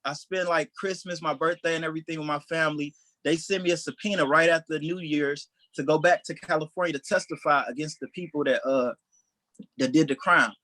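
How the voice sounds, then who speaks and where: Guy telling a wild story real quick, kinda high voice, dry sound. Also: no room sound. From Detroit, USA. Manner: animated, acts out quoted voices. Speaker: stand-up comedian. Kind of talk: storytelling anecdote.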